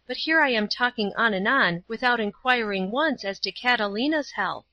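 A woman voicing a gentle, pious old woman who speaks calmly and tenderly in a storybook reading. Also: a little high, normal speed, dry recording, highs cut off, voice pushed up.

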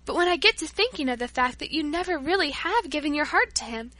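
A devout young girl from a storybook, gentle and eager, in a high, lifted voice, as a woman reads her lines. She pleads softly and sweetly. The recording is dry and close. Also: animated, fast, no room sound. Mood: earnest.

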